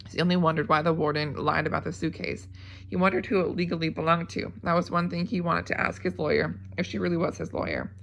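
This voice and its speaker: A woman reading a novel aloud at a steady pace, with small slips and restarts. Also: sits low, fast, vocal fry, slight background noise. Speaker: audiobook reader.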